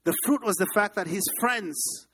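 A man preaching a sermon, telling stories with lively energy and leading the congregation in repeating phrases. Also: high voice, normal speed, a little hiss or hum. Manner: animated storytelling, leads the congregation in repeating phrases. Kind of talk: sermon with storytelling.

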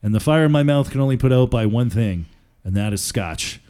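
A man's voice: medium pitch, lively intonation, a little fast, dark tone, clear, resonant tone. A man hosting a podcast in casual chat, joking and rambling with fillers. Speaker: podcast host.

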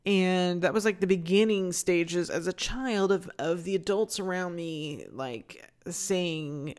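A woman's voice: on the low side, slow pace, hardly any pauses, darkish tone. A woman hosting her own podcast, talking in an intense, passionate and candid way, with frequent restarts and casual swearing. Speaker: podcast host. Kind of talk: solo podcast monologue.

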